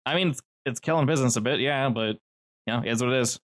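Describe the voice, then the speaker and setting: A busy young pizza cook, voiced by a man running a tabletop game, brushing off questions in an offhand way. He talks fast and plainly. His voice is everyday and unshowy. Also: mid-range voice, fairly bright tone, no room sound, clean studio sound, close to an everyday voice. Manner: offhand, evasive.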